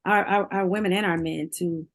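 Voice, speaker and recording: A woman's voice: lowish voice, fairly even intonation, brisk. A middle-aged woman speaking candidly and emotionally in an interview, often repeating words and laughing. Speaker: interview guest, singer.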